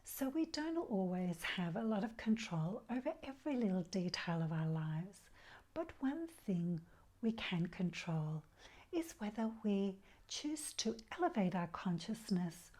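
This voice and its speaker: Slow, soft-spoken woman teaching meditation. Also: medium pitch, big pitch swings. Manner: soft, slow and unhurried, drops to breathy whispers on key words; leads a slow, soft group mantra chant. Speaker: bhakti yoga teacher. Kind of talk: gentle spiritual talk.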